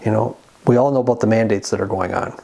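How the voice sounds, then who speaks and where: A man giving an earnest, conversational sermon as the host of a Christian channel, pausing now and then to read scripture aloud. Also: on the low side, gravelly, warm tone, slightly rough. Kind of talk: sermon-style monologue.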